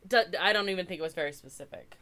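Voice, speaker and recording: A woman's voice: on the low side, racing, bright, forceful tone. A woman from Canada co-hosting a podcast, chatting casually as she recaps a movie, with lots of "like" and wry asides. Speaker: podcast co-host.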